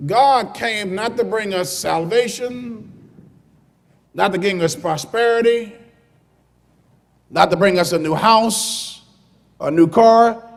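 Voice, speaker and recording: A man preaching a sermon as pastor from the pulpit, starting calm and building to loud, shouted preaching. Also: sits high, slow, long pauses, in a large hall. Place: church sanctuary.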